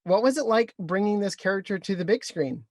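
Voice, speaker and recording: Brief: chatty interviewer, mid pitch, dry closet sound, video call. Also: lively intonation, brisk, a little mellow, no echo. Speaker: podcast interviewer. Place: home closet.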